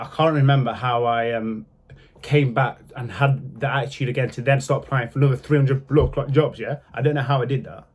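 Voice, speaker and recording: A young man with a medium-pitched voice recounts his own story to the camera, casual and blunt, cursing freely as he moves from anger to quiet regret.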